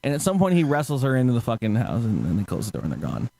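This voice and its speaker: A man's voice: medium pitch, wildly swooping pitch, very fast, vocal fry, dark tone. A man telling a story in casual chat, laughing often and acting out quotes with swearing.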